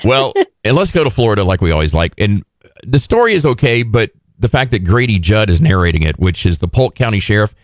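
A man's voice: lowish voice, sing-song, fairly quick, dry recording, studio quality. A man hosting a talk show, running through odd news stories with wry, joking chat. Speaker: radio show host.

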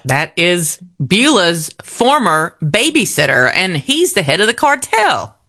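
A podcast co-host chatting casually about a TV show, wry and quick to laugh. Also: medium pitch, very animated, pushed and bright. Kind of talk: casual TV recap chat.

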